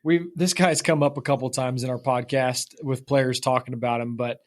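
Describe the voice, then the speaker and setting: A man hosting a podcast in casual chat, halting and full of restarts. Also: medium pitch, fairly even intonation. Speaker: podcast host.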